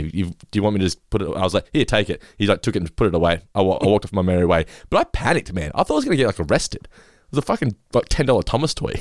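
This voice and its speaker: Fast-talking Australian man, dry mic. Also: sits low, expressive, no echo. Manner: rambling, acts out quotes, swears freely. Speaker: podcast host. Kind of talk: casual chat recapping a sitcom episode.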